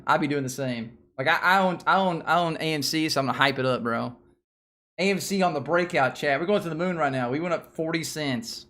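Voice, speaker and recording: A man's voice: on the high side, pushed and bright. A man from Nashville with a Southern twang, hosting a casual live stream and thinking aloud in a rambling, slangy way. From Nashville, Tennessee. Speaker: stock stream host.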